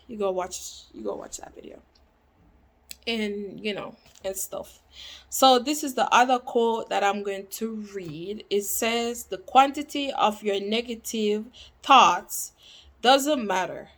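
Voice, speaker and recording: A woman vlogging about books she has read, chatting casually and repeating quotes with rising emphasis, dropping into soft asides. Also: mid-range voice. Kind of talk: casual book talk to camera.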